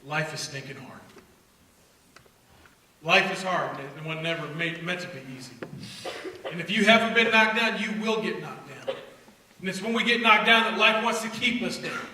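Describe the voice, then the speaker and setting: A middle-aged man giving an energetic faith talk to young people, with loud bursts and low, intense asides. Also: moderate pace, pauses often, slight background noise. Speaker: speaker at a youth faith event. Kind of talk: energetic motivational talk to students. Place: church hall. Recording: echoey hall recorded from far off.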